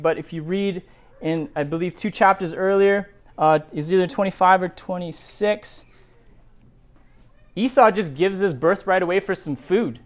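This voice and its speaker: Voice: mid-range voice, a little slow. A pastor preaching a sermon, reading scripture and stressing each word, with rhetorical questions and lists. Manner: emphatic, builds lists of words, asks rhetorical questions.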